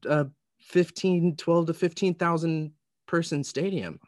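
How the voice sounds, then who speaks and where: A young man in casual chat, measured and hedging, with lots of ums and you-knows. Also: a little high, no echo, studio quality.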